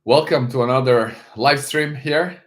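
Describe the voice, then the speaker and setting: A man's voice: medium pitch, a little slow. A man hosting a casual live stream, greeting viewers, reading the chat aloud and talking loosely with frequent restarts.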